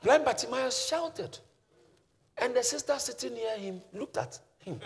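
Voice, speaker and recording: A male pastor delivers a sermon in a high, ringing voice. He reads scripture softly, then builds to loud, shouted calls. The church hall around him leaves a long reverb. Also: lively intonation, unhurried, gravelly, a loud crowd. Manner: swings from quiet scripture reading to shouted preaching.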